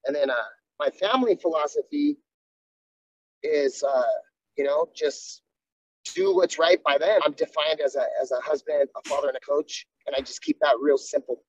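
A man's voice: a little high, expressive, moderate pace. A man, a jiu-jitsu coach, talking candidly and earnestly in a casual interview, often restarting his sentences. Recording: dull, dry sound.

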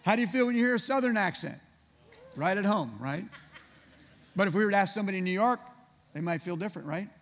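A male pastor delivers a casual, conversational sermon, peppering the room with rhetorical questions. His voice sits high for a man. The sound rings with the long reverb of a large church hall. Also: animated, quick pace, long pauses, a bit bright. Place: church sanctuary.

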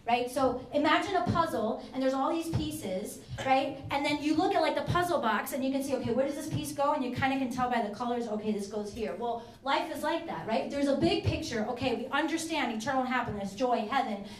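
A woman giving a lively, chatty faith talk to a live audience, often checking in with "right?". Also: sits high, brisk, reverberant, recorded from a distance. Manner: animated, chatty, many "right?" and "like". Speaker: speaker at a Catholic youth event.

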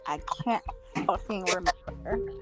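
A woman in casual podcast chat, animated and profane, laughing often as she talks. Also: fairly low pitch, a little slow, loud music behind the voice.

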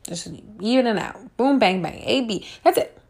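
Animated, profane young woman podcaster. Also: fairly high pitch, normal speed. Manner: blunt, profane, animated, repeats phrases. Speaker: podcast host. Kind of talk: casual solo podcast rant.

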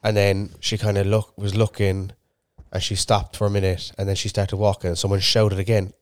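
A man's voice: on the low side, little pitch movement, normal speed, no room sound. A man, co-hosting a podcast and telling a long sweary story in casual chat. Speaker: podcast co-host.

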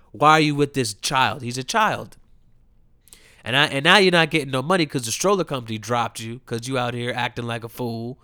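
A young man rants through a profane commentary, heated and mocking, hammering his points with repeated phrases. His voice sits at a middling pitch. The recording is dry, with no room sound. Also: sharp tone, smooth, no echo. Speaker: commentary host.

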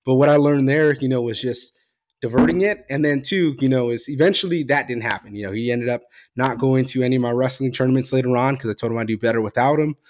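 A male podcast host tells personal stories in a relaxed, casual setting. He is blunt and swears freely, and he gets animated as the story builds. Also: mid-range voice, fast.

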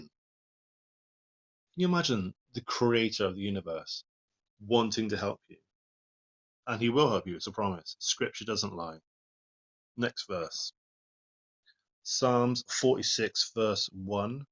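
A man gives a plain-spoken devotional talk in a fairly low voice. He reads scripture aloud and follows each verse with earnest comment. The recording is dull and lo-fi. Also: unhurried, long pauses, a bit bright. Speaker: lay preacher.

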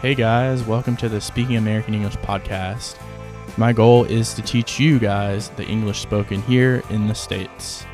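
A man's voice: fairly low pitch, fairly even intonation, moderate pace, over music. A man hosting a casual podcast that teaches English, explaining things in a laid-back, chatty, informal way.

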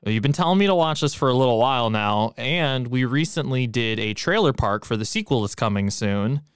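A man co-hosting a movie-review podcast, talking in an easygoing, joking way. His voice is smooth and resonant, and it sounds close and dry with no room echo. He laughs often and keeps the chat light. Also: medium pitch, fairly quick. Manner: relaxed, joking, laughs easily. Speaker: podcast co-host.

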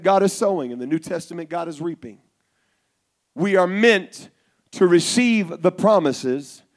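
A man preaching a Pentecostal sermon to young people, telling a story and building to shouted fervor. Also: sits high.

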